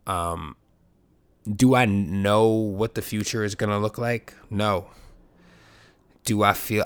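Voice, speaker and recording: A man's voice: lowish voice, no echo. Profane man ranting on a podcast. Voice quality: profane, rambling, animated when quoting others. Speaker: podcast host. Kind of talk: casual monologue.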